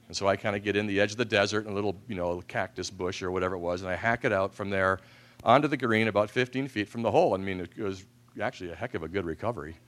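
A man with a fairly low voice tells funny stories to a live audience. He pokes fun at himself and slips into quick impressions of the people in his anecdotes. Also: a bit bright. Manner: self-deprecating, acts out voices in anecdotes. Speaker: speaker at an event. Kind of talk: humorous storytelling speech to an audience.

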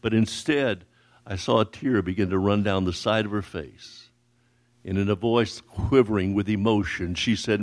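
A man's voice: fairly low pitch, moderate pace. An older man telling a sermon-style testimony, often stumbling over repeated words and acting out the people he quotes. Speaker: ministry founder telling a testimony.

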